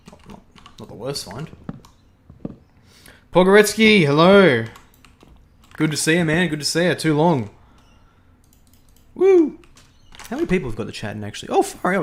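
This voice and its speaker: A young man with a medium-pitched voice hosts a livestream, chatting casually while he games. He thinks aloud, repeats himself and reacts to both the game and the chat.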